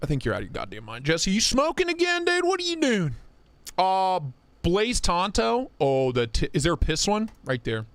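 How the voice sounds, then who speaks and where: Animated, profane man hosting a livestream. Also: high voice, moderate pace, clean tone. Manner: profane, joking, reads viewer chat aloud. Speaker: livestream host. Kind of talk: casual live-stream chat.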